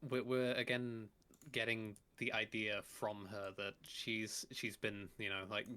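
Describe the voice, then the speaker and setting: A man who is a guest on a podcast, speaking in a measured, analytical way about a show. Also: lowish voice, little pitch movement, bright, forceful tone. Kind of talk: casual analytical chat.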